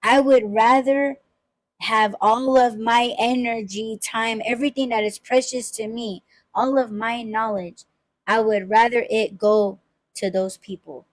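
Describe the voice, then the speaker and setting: A woman's voice: on the high side, steady tone, a little slow, rough recording. A woman in casual podcast talk, blunt and profane, ranting and mimicking the people she criticizes.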